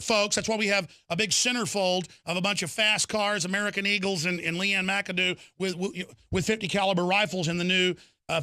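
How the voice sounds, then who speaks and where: Ranting man with a bright, forceful voice. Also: high-pitched, no room sound, clean studio sound. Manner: ranting, fiery, mocking impressions, builds to shouts. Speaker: talk show host. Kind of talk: impassioned political monologue.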